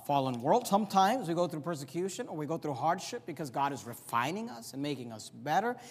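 A man preaching a sermon as a pastor, swinging from loud emphatic peaks to low quiet asides, with some sarcasm. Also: big-room sound.

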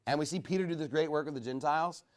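A man preaching a verse-by-verse Bible sermon, emphatic, asking his listeners questions and rising in force to stress his points. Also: rapid-fire. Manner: emphatic, asks the congregation questions; rises in pitch and volume when stressing points.

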